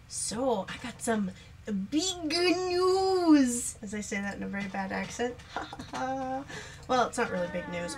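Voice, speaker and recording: A woman's voice: a little high, a little hiss or hum. A young woman hosting a gameplay video, chatting casually and rambling with frequent giggles. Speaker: let's play host.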